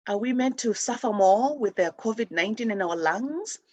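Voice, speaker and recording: A woman's voice: on the high side, lively intonation, moderate pace, no room sound. A woman from Zimbabwe hosting a spiritual talk show, speaking earnestly and rambling with many restarts. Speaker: host.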